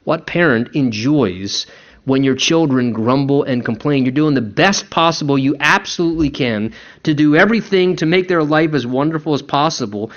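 A man's voice: fairly high pitch, moderate pace. A man preaching a conversational sermon as a pastor, acting out quoted voices as he goes. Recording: dull lo-fi recording.

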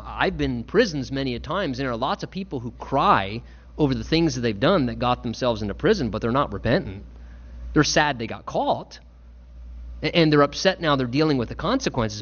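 Earnest, lively male preacher. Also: a little high, lo-fi sound. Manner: earnest, emphatic preaching with repetition. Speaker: pastor. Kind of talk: sermon.

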